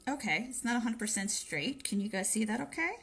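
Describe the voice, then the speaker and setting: A woman's voice: fairly high pitch, animated, brisk, fairly bright tone, slightly rough. A woman chatting her way through a live-streamed nail polish tutorial on her phone, giving tips with friendly asides. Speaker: nail tech demonstrating polish application.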